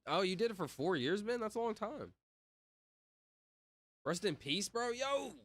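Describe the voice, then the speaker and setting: A young man talks casually on a livestream, slangy and reactive as he answers his chat. His voice is bright, pitched a little high and swings widely. Faint music plays underneath. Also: lively intonation, measured pace, dry recording. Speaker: streamer.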